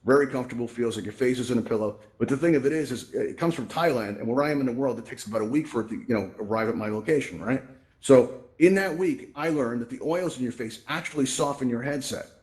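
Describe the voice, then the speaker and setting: Man, event host, quick talker, mid-range voice, animated casual storytelling, VR headset mic. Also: medium pitch. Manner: animated, keeps checking in with "right?". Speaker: host of a virtual reality event. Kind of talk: casual live presentation with storytelling.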